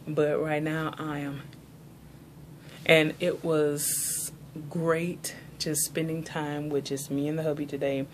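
A woman's voice: sits low, little pitch movement, slow, a little hiss or hum. A young woman from the American South, chatting casually in a haul vlog, rambling and filling her talk with "like". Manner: rambling, chatty, many "like" fillers. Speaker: vlogger.

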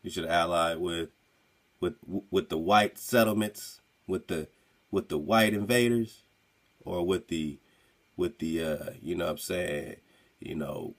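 A man's voice: sits low, a little slow. A man hosting a radio show, breaking in with emphatic rhetorical questions and commentary. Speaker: radio host. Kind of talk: commentary over a played clip.

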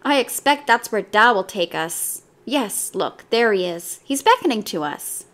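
A woman's voice: medium pitch, lively intonation, a little slow, a bit bright. A woman voicing a mother gorilla in a storybook, explaining things to her baby in a motherly way.

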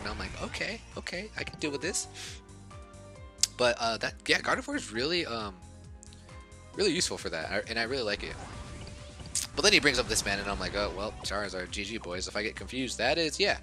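A man giving casual commentary over a game he recorded, muttering at times and then bursting out loud, and a little short of breath. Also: lowish voice, fast talker, soft background music. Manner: excitable, swings from mumbling to outbursts. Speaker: gaming YouTuber.

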